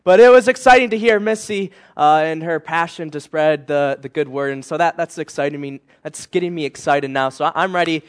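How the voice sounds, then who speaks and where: A tired young man preaching to a youth group, telling a personal story with animated swings between loud and hushed. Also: fairly high pitch, a little fast, hardly any pauses, clear, resonant tone.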